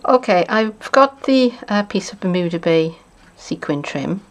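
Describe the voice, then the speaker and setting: A woman's voice: lowish voice, lively intonation, measured pace, a little hiss or hum. A woman demonstrating card making in a casual craft tutorial, chatty and thinking aloud with playful asides. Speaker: papercraft demonstrator.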